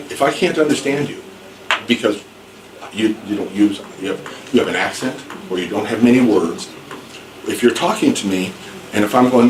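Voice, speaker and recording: A man teaching an English class, speaking slowly and clearly and rephrasing things so learners can follow. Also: mid-range voice. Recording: echoey room, distant mic, background noise.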